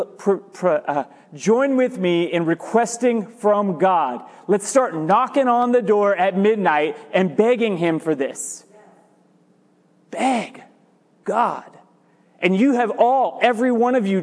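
A man preaching a sermon as pastor, animated and jokey, repeating his points for emphasis. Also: sits high, slow. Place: church sanctuary. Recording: reverberant church hall.

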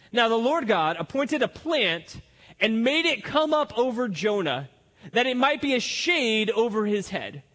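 A male pastor delivers a sermon with lots of energy and acts out the people in the story as he goes. His voice sits high and moves all over the place. It carries a long reverb, like a big church hall. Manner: animated, acts out the characters' lines.

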